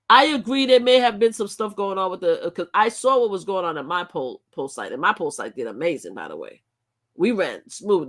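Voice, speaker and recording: Animated New woman venting. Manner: animated, emphatic, swings from low muttering to loud outbursts. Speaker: livestream host. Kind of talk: casual livestream monologue.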